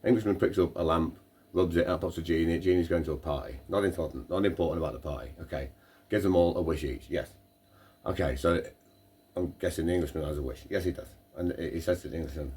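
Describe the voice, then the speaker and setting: A man's voice: extremely low pitch, normal speed, pauses often, a little mellow, husky. A man hosting a podcast, telling a rambling joke in casual banter with playful interruptions. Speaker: podcast host.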